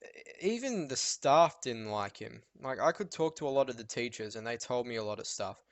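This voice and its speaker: Teenage boy, school rant vlog, animated storytelling, filler words, dry close mic. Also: mid-range voice, normal speed, no room sound. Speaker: vlogger. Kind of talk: ranting monologue vlog.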